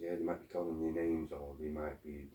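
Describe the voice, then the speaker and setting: A man's voice: very deep voice, fairly quick, distant mic. Man telling stories in an echoey room. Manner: animated storytelling, acting out quoted arguments, swears. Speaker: guest. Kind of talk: casual podcast conversation.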